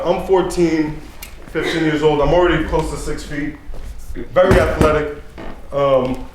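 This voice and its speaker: A man's voice: fairly high pitch, roomy sound, noisy background. A man in his thirties, a dean of students, telling a personal story live in a casual, streetwise way, full of "you know".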